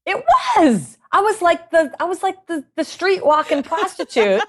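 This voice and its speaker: A woman guest in a casual interview, telling stories in a chatty, animated way and laughing often. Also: very high-pitched, moderate pace. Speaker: guest musician and knitting author.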